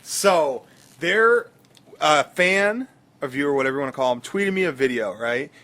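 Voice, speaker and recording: A man chatting on a casual podcast, his voice a touch high. He rambles, circles back and restarts his sentences as he goes. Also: lively intonation, moderate pace, bright, forceful tone. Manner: rambling, restarts, lots of fillers. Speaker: podcast co-host.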